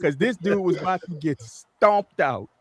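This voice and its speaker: A man's voice: a little high, a little slow. A man on a podcast panel, swearing freely and telling a story with lots of energy in casual chat. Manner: profane, animated storytelling.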